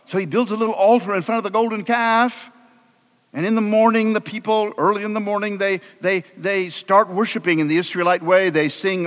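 A man preaching a sermon as an animated, humorous storyteller with a conversational delivery. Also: high voice, a little fast, long reverb tail.

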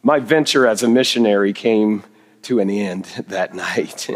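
Preacher telling stories in a big echoing hall. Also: male voice, lowish voice, a little slow. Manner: humorous, self-deprecating storytelling. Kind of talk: storytelling sermon. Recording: reverberant hall.

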